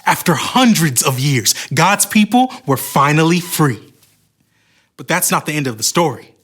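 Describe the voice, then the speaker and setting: A man's voice: on the high side, lively intonation, measured pace, a bit bright. A man narrating a Bible story for kids in a dramatic, scripted way. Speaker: Bible storyteller on a kids' show.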